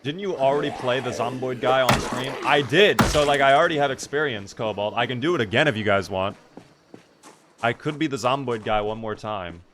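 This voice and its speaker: A chatty man streaming a game and talking to his viewers in a loose, rambling way. His voice sits at an ordinary middle pitch for a man. A steady noisy hiss runs under the recording. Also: a little fast. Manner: rambling, chatty, lots of "like" fillers. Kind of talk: casual live-stream chat.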